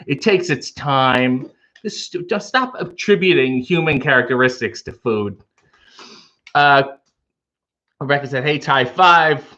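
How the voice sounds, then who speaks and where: A man's voice: medium pitch, lively intonation, slow, long pauses, pushed and bright, lo-fi sound. A man hosting a casual livestream, making coffee and reading out viewer comments with playful, wry asides. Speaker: livestream host reading chat.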